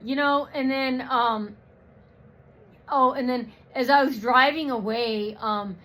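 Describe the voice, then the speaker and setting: A woman's voice: high-pitched, slow pace, a bit bright. A woman vlogger in a rambling personal rant, profane and mocking, with many fillers.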